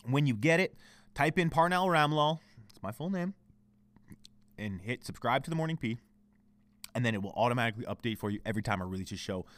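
A man's voice: mid-range voice, expressive, a little fast, pauses often, a bit bright, no room sound. A man hosting his own podcast alone, talking casually and rambling with a lot of swearing. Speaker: podcast host. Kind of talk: solo podcast monologue. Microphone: home recording setup.

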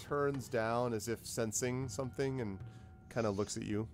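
A man's voice: medium pitch, normal speed, a crowd in the background. A man narrating as game master in a tabletop game, hesitant with fillers.

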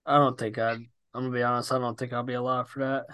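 A young man with a drawl talks in a blunt, cussing, animated way. His voice sits in a middling register and comes through close and dry, with no room around it. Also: mid-range voice, quick pace, clean tone, dry recording. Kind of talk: casual chat.

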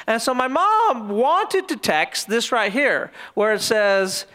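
High-voiced pastor with bright tone. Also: male voice, a little slow, few pauses. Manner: lively, storytelling, humorous. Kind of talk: sermon.

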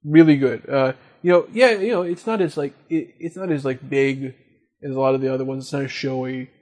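A man's voice: medium pitch, fairly even intonation, brisk, darkish tone. A man hosting a casual podcast discussion, leading the talk and putting questions to his co-hosts. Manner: leads the talk, asks the others questions. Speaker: podcast host.

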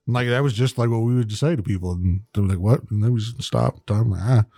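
A man's voice: lowish voice, quick pace, no echo, clean studio sound. A man co-hosting a podcast, telling rambling, profane stories in casual chat. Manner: rambling, profane, animated storyteller. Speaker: podcast co-host.

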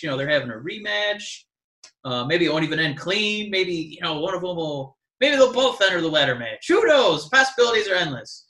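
A man with a bright, forceful, fairly high voice rambles through a casual chat, jumping into animated bits. The room around him rings with echo. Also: brisk. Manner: rambling, animated, mock-crying impressions. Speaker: podcast co-host.

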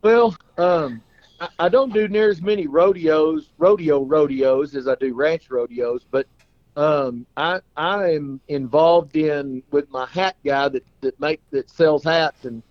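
A man's voice: on the high side, measured pace, dry recording, muffled recording. Folksy man telling rodeo stories. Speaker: guest, rodeo singer and performer. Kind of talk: casual storytelling talk.

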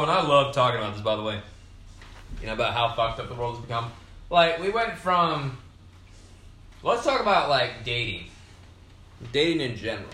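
A man's voice: mid-range voice, bright, forceful tone. Tipsy young man rambling, roomy echo. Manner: profane, meandering, frequent fillers. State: tipsy from beer. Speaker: podcast host. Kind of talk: rambling casual monologue.

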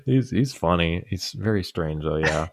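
This young man co-hosts a podcast, spinning rambling stories with plenty of fillers and restarts and frequent laughs at his own punchlines. His low voice has vocal fry and lively intonation at a measured pace. It's a casual chat, recorded dry.

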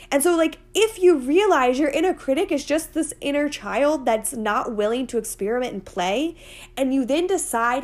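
A woman's voice: sits high, moderate pace. A woman, hosting a casual motivational podcast in a chatty, playful way. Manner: animated, chatty, playful with swearing and asides. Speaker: podcast host.

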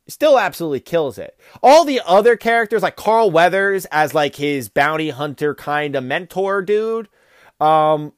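A man's voice: on the high side, normal speed, no echo, studio quality. Rambling, foul-mouthed male podcast host. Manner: profane, rambling, animated. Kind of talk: casual comedic review rant.

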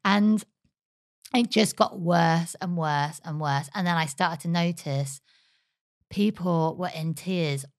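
An English woman in her thirties co-hosting a podcast, telling a personal story in an animated, chatty way full of fillers. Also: lowish voice, slow pace, no echo, studio quality. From England. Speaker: podcast co-host. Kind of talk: casual storytelling chat.

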